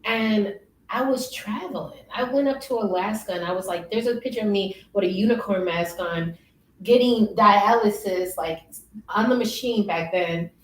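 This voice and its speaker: A young woman telling stories in a casual interview, lively and often laughing. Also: mid-range voice, normal speed. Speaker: interview guest. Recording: roomy, distant, faint noise.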